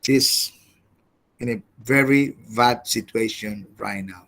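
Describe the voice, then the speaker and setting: A man teaching an English class over a video call, halting and often repeating words as he explains. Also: medium pitch, fairly bright tone. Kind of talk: online class lecture.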